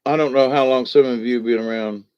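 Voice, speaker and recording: A man's voice: medium pitch, fairly even intonation, fast talker, a little mellow, clean tone, lo-fi sound. Rambling folksy man on a livestream. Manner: rambling, folksy, reacting to chat. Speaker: livestream host. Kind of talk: casual late-night chat.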